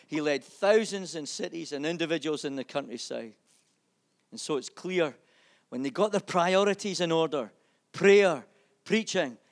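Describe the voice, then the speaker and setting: A man preaching a sermon in a church, telling a personal testimony with impassioned swings from loud fervour to hushed intimacy. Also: fairly high pitch.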